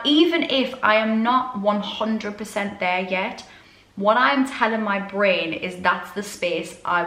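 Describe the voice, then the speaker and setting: A woman's voice: mid-range voice, a bit bright. A British woman working as a self-development coach, talking to camera in a chatty, straight-talking, self-deprecating way. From Britain. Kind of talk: casual talk to camera. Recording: echoey room.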